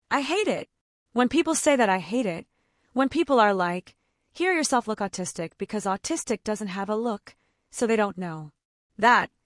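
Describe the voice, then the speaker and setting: A woman's voice: fairly high pitch, no room sound, studio quality. A mother of autistic children giving casual advice, chatty and full of "like", acting out the conversations she describes. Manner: chatty, fills speech with "like", acts out quoted dialogue.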